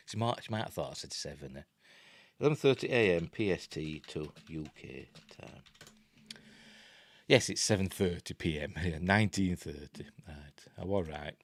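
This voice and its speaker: A man's voice: sits low, expressive, a little slow, long pauses, no room sound. A man with a Yorkshire accent hosting a live news stream, reading articles aloud with chatty, joking asides.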